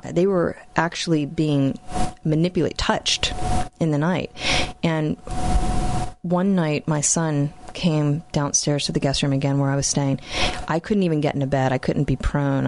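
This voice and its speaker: A woman's voice: sits low, a little mellow, slight background noise. A woman in her thirties hosting a podcast, telling a personal story in an earnest, conversational way with frequent fillers. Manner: earnest, recounting events with many fillers. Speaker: podcast host.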